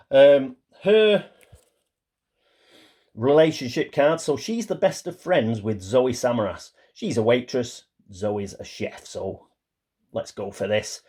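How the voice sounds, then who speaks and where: A man's voice: fairly low pitch, a little mellow. A man talking casually through a solo board game, reading card text aloud and sometimes stumbling over the small print. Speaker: board game player and channel host.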